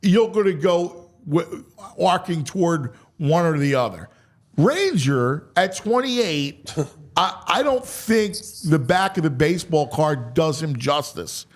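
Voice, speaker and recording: A man's voice: on the high side, expressive, slow. A man hosting a sports talk radio show, chatting casually with many stumbling restarts. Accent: Philadelphia.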